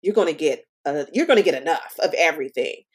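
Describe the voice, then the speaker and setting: Woman, podcast guest, lowish voice, animated, chatty storyteller. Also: fast, husky. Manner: lively, animated storytelling, calls the listener girl. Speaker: podcast guest, stationery shop owner. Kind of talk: casual interview chat.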